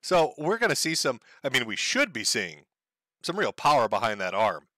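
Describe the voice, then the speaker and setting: A man's voice: mid-range voice, very animated, moderate pace, bright, forceful tone, no room sound. A man hosting a stream, giving sarcastic, profane commentary on a video clip. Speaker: stream host.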